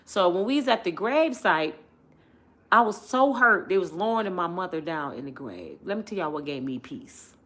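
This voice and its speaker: A middle-aged woman telling family stories in a casual vlog, lively and chatty, laughing often and talking straight to her viewers. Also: on the low side, normal speed.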